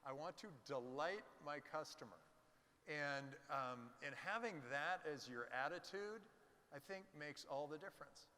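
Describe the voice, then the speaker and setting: Investor guy onstage telling stories, crisp bright tone, big room echo. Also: fairly high pitch, measured pace. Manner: animated anecdotes with acted-out quotes. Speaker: venture capitalist guest. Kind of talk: onstage fireside chat, storytelling. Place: conference stage. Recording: reverberant hall.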